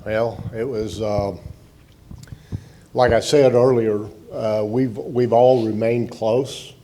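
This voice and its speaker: A man in his sixties, a former player, recalling the past in a slow, measured way. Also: mid-range voice, fairly even intonation, warm tone.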